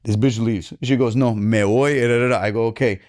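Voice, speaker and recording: A young man from Miami with a Cuban-American accent, telling a story in an animated way, switching into Spanish mid-sentence and acting out the voices of the people in it. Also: medium pitch. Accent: Miami Cuban-American English with Spanish code-switching. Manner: profane, excitable, fast bursts. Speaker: podcast guest.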